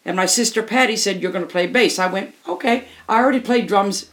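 An older woman speaking as an interview guest, her voice sitting at an ordinary middle pitch. She tells candid stories in an emphatic, animated way and often repeats phrases to drive a point home. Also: brisk.

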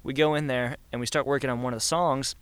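A man's voice: medium pitch, fairly even intonation, fast, fairly bright tone, clean tone, no room sound. A young man who sings in a band, telling a story in a casual interview and acting out other people's lines with energy. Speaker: band singer.

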